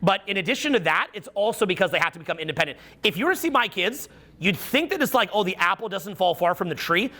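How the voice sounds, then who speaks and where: Middle-aged male coach addressing a live audience, high bright voice, swears a lot and acts out the quotes. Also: fast talker. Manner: animated, profane storytelling with acted-out quotes. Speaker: social skills coach. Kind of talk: live seminar talk.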